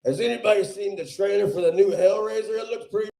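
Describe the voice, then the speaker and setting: A man doing a crude stand-up set on a club stage, loud and laughing at his own jokes. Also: high voice, fast, gravelly. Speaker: stand-up comedian. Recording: roomy club echo.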